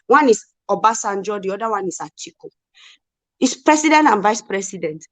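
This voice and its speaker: A woman's voice: medium pitch, expressive, brisk, fairly bright tone, no echo. A woman from Nigeria, co-hosting a casual live chat and arguing her points emphatically with rhetorical questions. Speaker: co-host.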